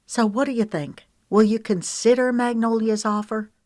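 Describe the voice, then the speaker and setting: In an audiobook reading, a woman voices a hopeful young woman gently trying to persuade her brother and a friend, pitching the character above her own voice and acting it lightly. The delivery is fairly high and steady at a moderate pace, in a dry recording with clean studio sound.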